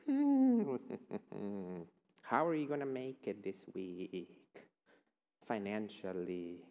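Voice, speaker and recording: A preacher voicing the sly, taunting voice of the enemy, hushed, drawn out and mocking. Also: male voice, on the low side, very animated, very slow, big-room sound, dull audio, voice pushed down, heavily acted.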